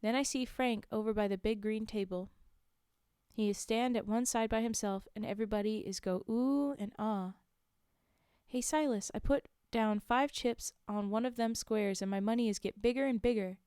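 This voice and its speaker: A woman reads a story aloud on a live stream, her voice fairly high, smooth and clear. She is close to the mic in a dry space. She pauses now and then for chatty, amused remarks. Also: dark tone, no room sound. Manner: reads the text plainly and breaks off for chatty, amused asides. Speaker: streamer reading a book aloud. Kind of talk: casual live-stream book reading with asides.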